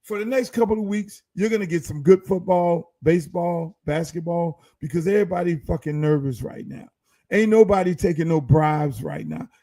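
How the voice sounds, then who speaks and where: A man's voice: high-pitched, moderate pace, mellow, dry recording. A man hosting his own podcast, ranting in a casual, profane, heated way and firing off rhetorical questions. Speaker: podcast host.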